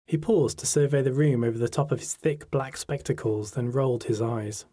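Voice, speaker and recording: Guy reading an audiobook, mellow husky voice, calm and reflective. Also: medium pitch. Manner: measured, reflective storytelling. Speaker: audiobook narrator. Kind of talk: first-person audiobook narration.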